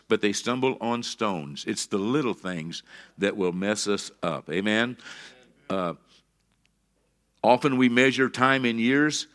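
Middle-aged man, pastor, sermon delivery: bright tone, preacherly, punches up to calls of amen. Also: medium pitch.

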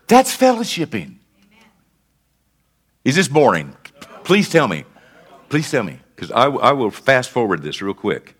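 A man's voice: sits high, big pitch swings, a little slow, long pauses, sharp tone. A man preaching a sermon as pastor, in a conversational style that rises to emphatic declarations, speaking in a church.

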